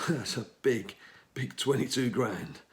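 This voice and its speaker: A middle-aged gaming channel host from England speaks slowly but animatedly in a mid-range voice. He's commenting casually on the mobile game he's playing, rambling and muttering to himself.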